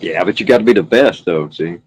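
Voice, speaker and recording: A man's voice: low-pitched, brisk, darkish tone, no echo, low-quality recording. A man guesting on a livestream panel, brash and boastful, swearing freely in casual chat. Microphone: streaming call mic.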